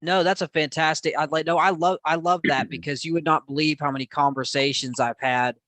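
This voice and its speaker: A man's voice: a little high, steady tone, a little fast, fairly bright tone, no echo. A man hosting an interview, asking long, rambling questions that halt and restart. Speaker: host.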